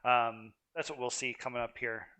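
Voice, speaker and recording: A man's voice: medium pitch, fairly even intonation, moderate pace, sharp tone, clear, resonant tone. A man hosting a gaming video, commenting casually in a rambling, amused way. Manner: rambling, amused, many fillers and restarts.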